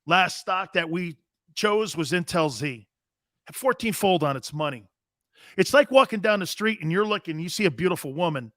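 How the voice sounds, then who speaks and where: A middle-aged man hosts a sports talk show in a brash, boastful, casual way, often breaking into loud laughs. His voice sits a little high and sounds forceful and bright. The sound is dry and close. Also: expressive, normal speed, dry recording. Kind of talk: casual live-stream talk, reading chat.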